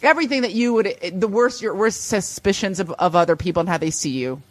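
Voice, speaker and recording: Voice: medium pitch, fast, no echo. Thoughtful interviewer in a dry room. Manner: reflective, thinks aloud with restarts, agrees often. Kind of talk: casual conversation.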